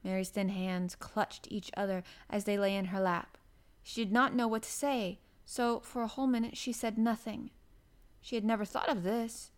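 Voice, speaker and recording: A woman narrating a classic children's novel aloud in a gentle, even storybook manner. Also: medium pitch, normal speed.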